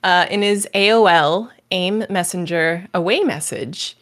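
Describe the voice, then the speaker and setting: A woman with a bright, sharp voice answers as a podcast guest. She tells her story candidly and pokes fun at herself. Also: lowish voice, measured pace. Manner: candid, self-deprecating storytelling. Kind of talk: casual chat.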